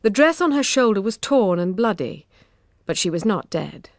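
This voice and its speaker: A woman with a British accent narrating a children's audiobook in an expressive, measured way on a close studio mic. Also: medium pitch, no room sound.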